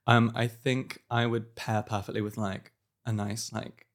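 A man's voice: fairly low pitch, level tone, measured pace. A man in his late twenties, a comedian guest telling dry, wry stories on a podcast. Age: late 20s. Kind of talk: casual comedic chat.

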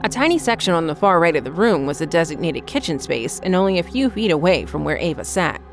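A woman narrating a scripted horror story in a measured, even storytelling voice. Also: fairly low pitch, faint music behind.

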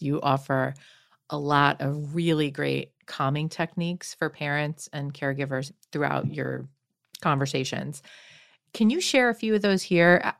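Low-voiced woman hosting a podcast. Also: vocal fry, a bit bright. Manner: curious, asks questions. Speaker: podcast host. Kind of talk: casual podcast conversation.

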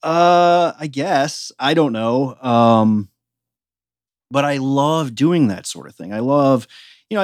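Soft-spoken reflective man, dry sound. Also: fairly low pitch, no room sound. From United States. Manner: reflective, earnest storytelling. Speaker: podcast guest. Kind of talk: casual interview conversation.

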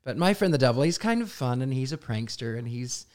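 Guy psychic spinning stories on a podcast, mid pitch, laughs a lot, plays out the dialogue. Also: a little fast. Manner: animated, laughing storyteller who acts out dialogue. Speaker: guest psychic. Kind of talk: casual storytelling in a podcast interview.

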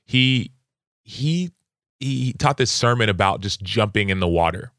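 A young adult man, a football player, telling earnest, animated stories as a podcast guest. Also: fairly low pitch, measured pace, no echo, studio quality. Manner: earnest, animated, lively acted-out quotes. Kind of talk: conversational interview storytelling.

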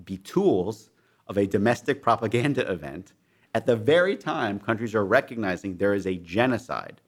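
A young man with a very low, deep voice speaks as an interview guest. He talks earnestly and keeps restarting his phrases. His delivery is serious. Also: expressive, moderate pace. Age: young adult. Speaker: foundation leader, guest. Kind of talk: interview discussion.

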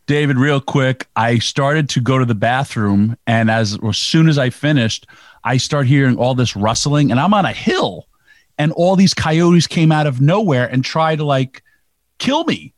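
A man excitedly telling his own story of a close call as a guest on a podcast. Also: mid-range voice, normal speed, dry recording. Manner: breathless, exaggerated retelling. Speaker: guest wrestler. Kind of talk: excited first-person story.

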